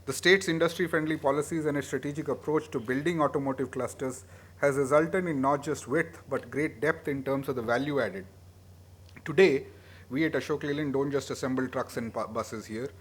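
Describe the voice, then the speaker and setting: A man's voice: mid-range voice, husky. Man giving a formal conference speech. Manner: measured, formal address with emphatic openings. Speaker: conference speaker.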